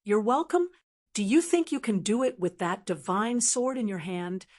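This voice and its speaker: A woman voicing a composed young male master who speaks calmly with faint mockery. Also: mid-range voice, normal speed, lightly acted. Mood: calm mocking. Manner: calm and faintly mocking. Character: calm, mocking young male master in white.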